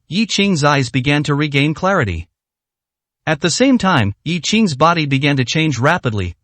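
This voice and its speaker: Man narrating a web novel, slightly high. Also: no room sound. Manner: steady, even storytelling. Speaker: story narrator. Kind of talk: scripted narration.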